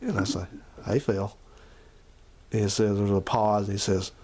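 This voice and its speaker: Guy rambling on, kinda low voice, keeps circling back to the same point. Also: normal speed, a little mellow, husky. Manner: rambling, repeats himself, talks to his uncle and the viewers. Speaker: channel host. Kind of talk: casual chat to camera.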